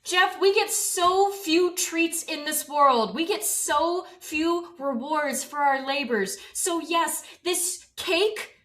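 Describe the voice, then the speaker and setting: A woman's voice: sits high, takes it slowly, hardly any pauses, fairly bright tone. A woman co-hosting a podcast in casual chat, wry and mock-earnest. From United States. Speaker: podcast co-host.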